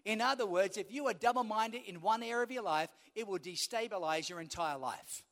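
Male pastor, high-pitched, humorous storytelling sermon, long hall reverb. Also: a little fast, fairly bright tone. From Australia. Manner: storytelling, humorous, acts out quoted dialogue.

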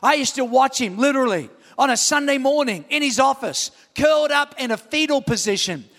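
A man's voice: extremely high pitch, fairly quick. A middle-aged man preaching a sermon as pastor, telling stories with energy and calling out questions to the congregation. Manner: animated storytelling preacher, calls out to the congregation. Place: church auditorium. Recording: long reverb in a large hall.

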